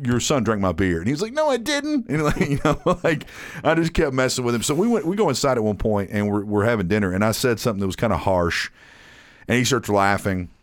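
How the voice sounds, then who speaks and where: A man's voice: mid-range voice, dry recording. A man in his thirties, a podcast co-host, chatting casually in an irreverent, joking way and swearing freely. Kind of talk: casual chat.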